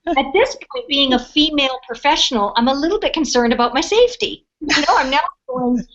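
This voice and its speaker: A middle-aged woman speaking on a webinar, telling a personal story in a casual, animated way and acting out the people in it. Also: sits high, normal speed. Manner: animated storyteller, acts out quoted voices. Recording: dull lo-fi webinar audio.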